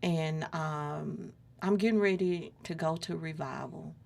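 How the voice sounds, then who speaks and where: A woman's voice: sits low, unhurried, vocal fry, a little mellow. A middle-aged woman earnestly retelling a personal story as an interview guest, acting out the dialogue as she goes.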